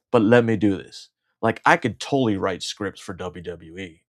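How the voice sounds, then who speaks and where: A man's voice: on the low side, measured pace, a bit bright. A middle-aged man from the United States in a rambling, sardonic monologue, swearing freely and repeating his own lines. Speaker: vlogger. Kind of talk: casual ranting monologue.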